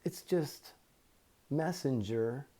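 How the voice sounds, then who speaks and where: A man giving an informal Bible teaching into his phone, deliberately repeating and spelling out key words. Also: medium pitch, animated, warm tone.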